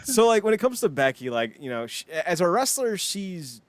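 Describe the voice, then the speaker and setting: A man's voice: high voice, big pitch swings, normal speed, no room sound. A man co-hosting a wrestling podcast, casual chat, opinionated, rambling and jokey. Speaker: podcast co-host.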